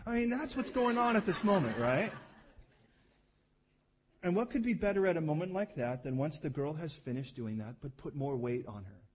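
A man preaching a lively, humorous sermon, often acting out the voices in the stories he tells. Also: on the high side, normal speed, husky. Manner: animated, humorous, acts out voices.

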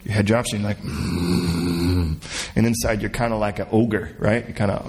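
A man preaching a sermon in an animated way, explaining the meanings of old words and acting out voices from the scripture story. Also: fairly low pitch, fast talker. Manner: explains word meanings from the original language. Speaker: pastor.

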